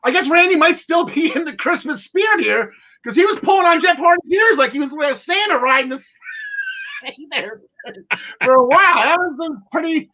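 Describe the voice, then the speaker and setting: Man, 40s, podcast host, very high voice, bright, excitable, jokey, lo-fi audio. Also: moderate pace. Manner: excitable, jokey, lots of fillers. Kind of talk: casual wrestling podcast chat.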